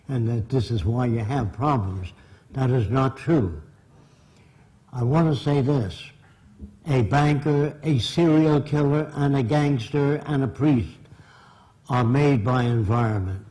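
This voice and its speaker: Blunt, mellow-voiced male lecturer. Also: mid-range voice, rough recording. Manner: blunt, emphatic, direct. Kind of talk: public lecture.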